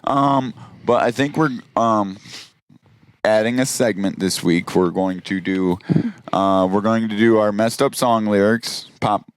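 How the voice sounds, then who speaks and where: A man hosting a casual podcast, joking around with his co-hosts, laughing often and sometimes dropping into a flat monotone for a bit. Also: fairly low pitch, measured pace, clean tone, no room sound. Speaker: podcast host. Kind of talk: casual chat.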